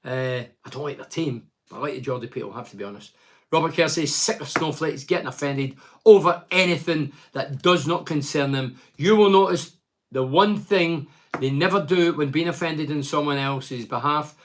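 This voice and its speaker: A man's voice: on the high side, normal speed. Blunt Scottish man hosting a phone-in. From Scotland. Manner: blunt, outspoken, reads out listener messages. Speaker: radio phone-in host. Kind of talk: casual call-in chat.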